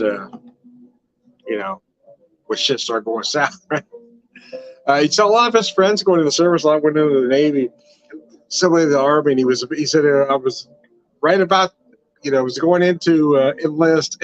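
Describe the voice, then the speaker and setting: A man's voice: medium pitch, moderate pace, pauses often. Rambling older man, dull webcam sound. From Southern California. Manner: rambling, laughs often, swears casually. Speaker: wine vlogger. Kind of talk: casual livestream chat. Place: home room.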